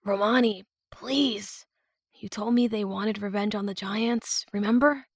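A woman voicing a calm, protective young male hero in an audiobook, soft and steady. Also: medium pitch, unhurried, slightly rough, dry recording, clean studio sound. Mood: soft, urgent.

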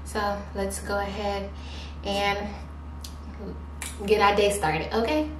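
A woman's voice: mid-range voice, level tone, takes it slowly. A woman vlogger chatting casually to the camera in a laid-back, chatty way, filming on a handheld camera. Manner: laid-back and chatty, talking straight to the viewers. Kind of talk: casual vlog chat to camera. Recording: noticeable background noise.

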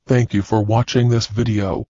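A man teaching, reading a children's story and class activities aloud slowly and deliberately. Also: fairly low pitch, level tone, warm tone, no room sound. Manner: slow, deliberate, clear reading. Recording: dull, dry lo-fi recording.

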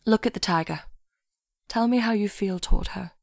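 A woman's voice: mid-range voice, moderate pace, vocal fry, dry recording, studio quality. A woman voicing a serene, murmuring young man. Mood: gentle. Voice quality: murmuring, thick unplaced accent. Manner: soft, hushed, near-whispered delivery. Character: serene gentle young man, soft-spoken guide. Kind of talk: audiobook story reading.

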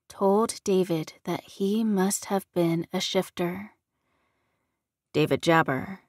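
A woman reading an audiobook in even, unhurried scripted narration. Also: mid-range voice, no echo, studio quality.

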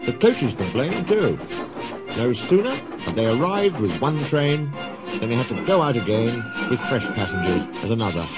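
A man narrating a children's storybook in an expressive way, over background music. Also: mid-range voice, moderate pace. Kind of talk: storybook reading.

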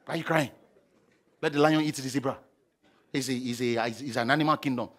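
A middle-aged man preaching a sermon, animated and humorous, acting out scenes with sound effects. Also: medium pitch, brisk. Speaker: pastor.

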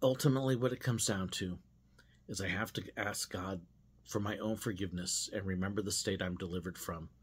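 A man's voice: low voice, brisk, slightly rough. A man hosting a devotional podcast, speaking in an earnest, self-searching monologue with frequent hesitations.

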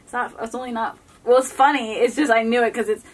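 A young woman vlogger playing a whisper guessing game, giggly and animated, sometimes dropping to a whisper. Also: a little high, quick pace. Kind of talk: casual party game chat.

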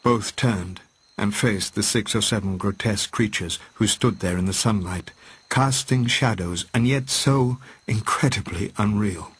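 A man reads a classic novel aloud in a steady, measured way. His voice sits low and carries a husky edge. The delivery is even and unhurried, like a book reading. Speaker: narrator. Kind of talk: audiobook reading.

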